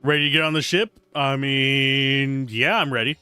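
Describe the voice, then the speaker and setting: A man's voice: medium pitch, fairly even intonation, moderate pace, sharp tone, clear, resonant tone, no echo, faint music behind. A man streaming a game live, chatting casually and joking while reading game text aloud. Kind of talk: casual live gameplay commentary.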